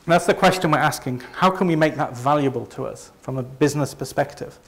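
His voice is on the high side and a little fast: a Leeds man with a Northern English accent from the north of England, presenting to a live audience for his company. The tone is conversational and self-deprecating.

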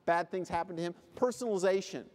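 A man's voice: high voice, fast, a little mellow. A man giving a comic motivational conference talk, acting out little scenes with funny voices. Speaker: keynote speaker. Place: convention hall. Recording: live hall reverb.

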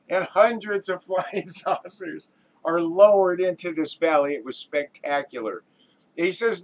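A man telling a classic joke in an animated storytelling manner. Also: high-pitched, unhurried, poor audio. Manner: animated storytelling, acts out the characters' voices. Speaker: joke teller.

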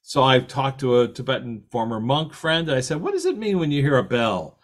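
A middle-aged man with a lively, anecdotal way of talking, telling stories in a talk and acting out the quoted voices. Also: mid-range voice, fairly quick. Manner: animated, anecdotal, laughs at his own stories, acts out quotes. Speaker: author and podcast host giving a talk. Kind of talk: storytelling talk.

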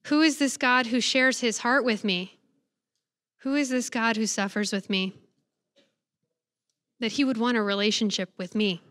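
A woman, a religious sister, giving a faith talk to students. She reads scripture slowly and reverently and tells stories playfully. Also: on the high side, a bit bright, dry recording.

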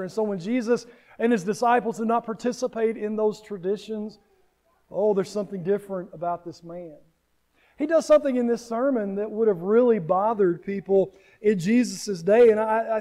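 A man's voice: high-pitched, warm tone. A man with a Southern American accent preaching a sermon, earnest and often repeating words as he starts a thought.

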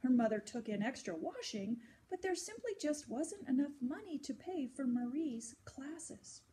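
A woman reading a children's story aloud, gentle and expressive. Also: high-pitched, measured pace, husky.

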